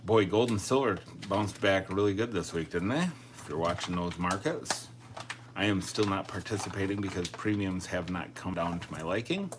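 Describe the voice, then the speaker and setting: A man's voice: low voice, background noise. A man chatting casually on a live stream, thinking aloud and joking at his own expense. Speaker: coin collecting live streamer.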